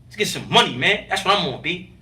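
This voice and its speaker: High bright-voiced man telling street stories. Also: fast, recorded from a distance. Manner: animated, streetwise slang, emphatic outbursts. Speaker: guest. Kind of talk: casual interview storytelling.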